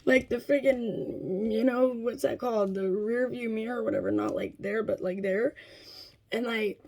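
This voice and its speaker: Woman, 30s, from California, casual vlog storytelling, profane, rambling, gravelly, a bit high. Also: fairly even intonation, moderate pace, darkish tone. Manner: profane, rambling, frequent fillers and laughs. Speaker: vlogger.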